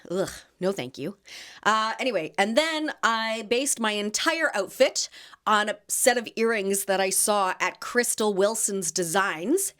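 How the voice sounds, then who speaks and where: This Canadian podcast host, who also works as a market vendor, tells market stories in a chatty, animated way, laughing and sprinkling in lots of "like" fillers. Her voice is medium in pitch, and the conversation is casual.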